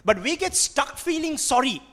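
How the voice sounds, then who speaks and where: A man with a Sri Lankan accent delivers a sermon in a notably high voice for a man. He presses his points hard and repeats them, slipping into Sinhala now and then. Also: sing-song, normal speed, bright, forceful tone. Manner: emphatic and repetitive, switching between English and Sinhala. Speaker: preacher.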